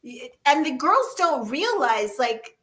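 A woman guest on a talk show with a bright, forward tone, pitched a little above the usual. She tells her stories with animation and slips into the voices of the people she describes. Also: sing-song, slow. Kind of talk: casual chat, storytelling.

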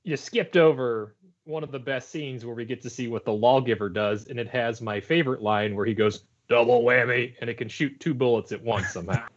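A man's voice: mid-range voice, a little fast, hardly any pauses. Eager man on a lo-fi podcast. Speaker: podcast co-host. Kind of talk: casual movie discussion.

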